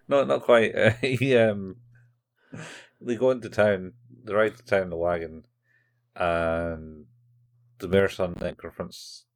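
A man's voice: low voice, steady tone, slow pace, long pauses. A man co-hosting a podcast, casually retelling scenes from a show in a laid-back way and laughing often. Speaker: podcast co-host. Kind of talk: casual chat recapping a show.

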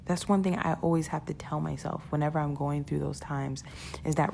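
A woman's voice: low-pitched, steady tone, a little fast, creaky, darkish tone, slight background noise. A woman talking casually and earnestly to her listeners about keeping perspective, often repeating words and laughing between points. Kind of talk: casual motivational talk.

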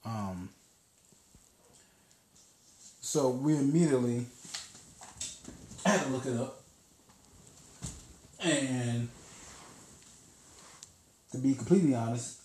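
A man's voice: medium pitch, warm tone. A man hosting a podcast, telling a story in a loose, casual monologue and swearing freely. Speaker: podcast host. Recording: roomy echo.

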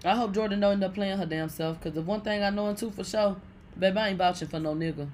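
A woman hosting a casual celebrity gossip show, blunt, profane and animated. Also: mid-range voice, quick pace, a little hiss or hum.

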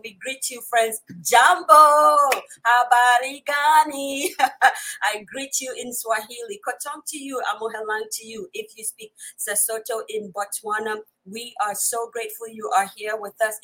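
Woman host, live-stream chat, bubbly and quick to laugh, a touch husky. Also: on the high side, low-quality recording. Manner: energetic, greets viewers in many languages, laughs often. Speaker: host of a live online talk show.

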